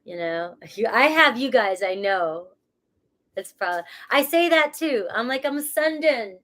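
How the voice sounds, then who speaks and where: A woman's voice: medium pitch, lively intonation, measured pace, fairly bright tone. A woman with a cold, a tarot reader who gives a casual, rambling reading and laughs at herself as she talks. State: has a cold.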